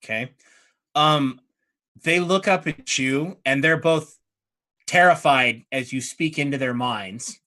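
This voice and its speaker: Bright-voiced man running a tabletop game. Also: medium pitch. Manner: relaxed, halting with fillers, laughs easily. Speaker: dungeon master.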